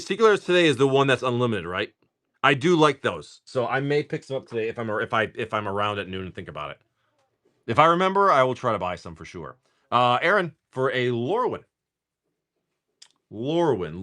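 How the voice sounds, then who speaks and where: A man's voice: mid-range voice, a bit bright, no echo, clean studio sound. Tired, cussing man hosting a card stream. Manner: swears freely, teasing, chatty, reads card names off quickly. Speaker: card-breaking stream host. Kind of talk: casual live-stream chat.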